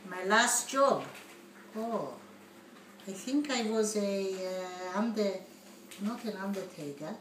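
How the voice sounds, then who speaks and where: Taking it slowly and pausing often, a woman with a mid-range voice acts out a flustered migrant at an immigration interview. The comedy sketch has her giggling excitably through broken English and word mix-ups, heard through a distant mic with roomy echo and faint noise.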